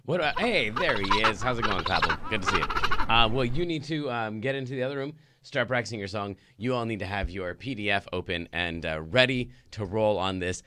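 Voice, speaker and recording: A man who has lost his voice and sounds hoarse, hosting a live kids' piano lesson in an upbeat, explanatory way. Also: on the low side, expressive, a little fast, sharp tone, a little hiss or hum. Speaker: piano teacher and host.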